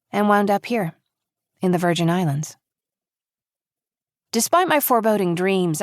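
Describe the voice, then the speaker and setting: A woman giving measured, reflective first-person audiobook narration. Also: on the low side, no room sound, studio quality. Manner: measured, reflective, quietly intimate.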